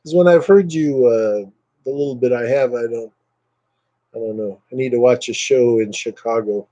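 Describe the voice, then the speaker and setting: A man's voice: medium pitch, moderate pace, warm tone, low-quality recording. A man chatting casually on a live stream, rambling with lots of fillers and thanking viewers by name.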